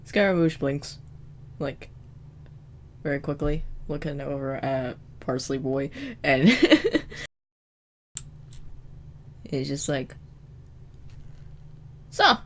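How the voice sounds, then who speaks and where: A woman playing a tabletop game in a deadpan, giggly way. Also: extremely low pitch, slow pace, long pauses. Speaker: player. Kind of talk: casual tabletop play.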